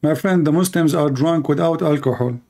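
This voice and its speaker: Fielding viewer questions, this man talks casually with sarcasm and mockery, using non-native English grammar. He speaks at normal speed in a darkly toned voice that runs somewhat high.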